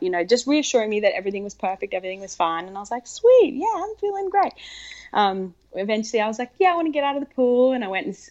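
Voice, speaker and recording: A woman guest telling a personal story in conversation, animated and excited, acting out what people said. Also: mid-range voice. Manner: animated, excited, acts out quoted dialogue. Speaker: podcast guest. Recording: slightly muffled lo-fi recording.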